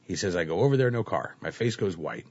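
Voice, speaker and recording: This talk show host has a deep, breathy voice and talks fast as he reads the news aloud. His manner is relaxed, full of fillers like "uh, you know." The audio is dull and lo-fi.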